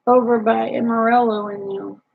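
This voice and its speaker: Tired, gravelly woman chatting. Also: fairly high pitch, level tone, moderate pace, phone-quality sound. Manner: chatty, drawling, rambling with many fillers. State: tired, yawning. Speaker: homesteader talking to live chat viewers. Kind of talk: casual live chat.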